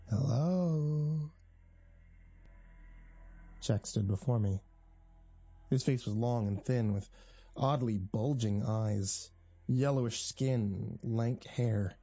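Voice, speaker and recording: Man, first-person horror story narration, husky, dark mellow tone, tense measured delivery, lo-fi. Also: mid-range voice.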